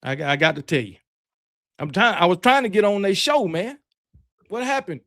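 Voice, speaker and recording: High-voiced Southern man ranting casually. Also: very animated, normal speed, fairly bright tone, no echo, clean studio sound. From Alabama, US. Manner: loose, rambling, trash-talking with frequent "man" and "y'all". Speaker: host of a fan livestream show. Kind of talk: casual livestream chat, reading super chats.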